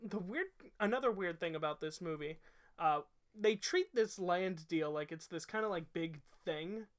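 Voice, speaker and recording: A young man with a high voice co-hosts a podcast at a moderate pace. He's easygoing and laughs often, summing up his notes in casual chat with lots of fillers and restarts.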